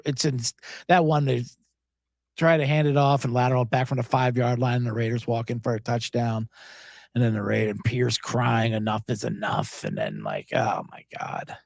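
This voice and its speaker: A man's voice: mid-range voice, moderate pace, gravelly, no room sound, clean studio sound. A man hosting a sports betting show, chatting casually in a rambling, sarcastic way with frequent swearing. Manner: rambling, profane, sarcastic asides. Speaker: sports betting podcast host. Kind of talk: casual solo chat.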